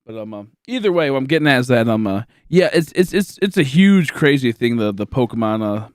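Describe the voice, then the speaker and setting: A man's voice: medium pitch, expressive, brisk, smooth, dry recording, studio quality. A tired young man from Michigan chatting casually on a livestream, rambling with lots of fillers and restarts. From Michigan, USA. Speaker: livestream host.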